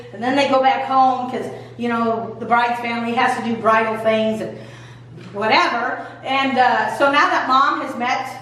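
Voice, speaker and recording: A woman's voice: on the high side, fairly bright tone, a little hiss or hum. A woman pastor telling a Bible story to children in a playful, folksy way in a church. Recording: echoey church room from far off.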